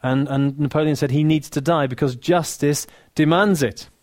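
Earnest English preacher, dry close sound. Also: male voice, a little high, fairly even intonation, normal speed, no room sound. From England. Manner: earnest, softening to near-whisper on key lines, dry humor. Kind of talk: sermon.

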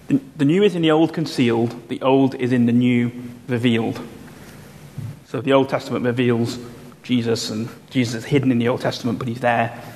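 A man preaching a sermon, explaining Bible passages in a measured way and slowing down to stress key phrases. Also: medium pitch, darkish tone. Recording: long hall reverb, faint room noise.

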